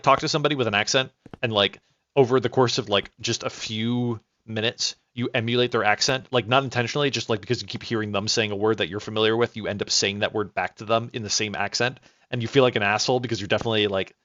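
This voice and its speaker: A man streaming a game with casual, rambling commentary, excitable, with restarts and swearing. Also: on the low side, no room sound. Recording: dull lo-fi dry mic.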